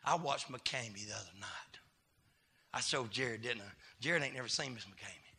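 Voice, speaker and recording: A man preaching a fiery sermon, calling out to the congregation and swinging from hushed asides to shouting. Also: medium pitch, normal speed, slightly rough.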